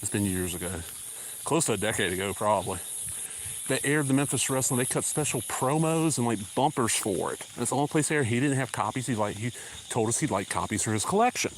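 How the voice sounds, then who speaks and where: A man's voice: mid-range voice, fairly quick, a little hiss or hum, poor audio. Southern man rambling on a country walk. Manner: rambling, casual, drawling asides. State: slightly out of breath from walking. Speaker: vlogger. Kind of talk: rambling live-stream chat while walking. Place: country road outdoors. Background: crickets and insects.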